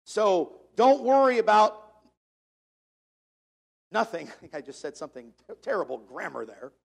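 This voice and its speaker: Gravelly high-voiced male preacher. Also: big pitch swings, moderate pace. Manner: preacher cadence, repeats key phrases for emphasis. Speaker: pastor. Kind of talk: sermon.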